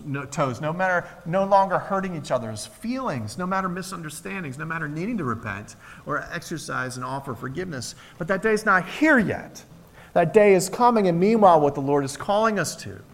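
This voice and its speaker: A man preaching a sermon as pastor, earnest and impassioned, with dramatic pauses between phrases. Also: sits high, a bit bright. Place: church sanctuary. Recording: long hall reverb.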